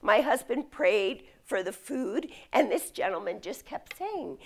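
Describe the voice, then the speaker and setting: A middle-aged woman from the United States giving a leadership lecture, telling stories in an animated way. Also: fairly high pitch, takes it slowly, creaky. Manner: storytelling, animated. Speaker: speaker.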